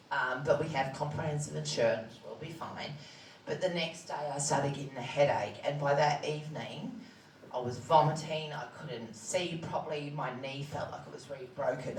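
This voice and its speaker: Woman, low voice, plain-spoken personal testimony, roomy echo. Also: recorded from a distance, a little hiss or hum. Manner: candid, plain-spoken, halting with fillers. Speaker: charity founder telling her story. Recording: echoey room, voice from off-mic.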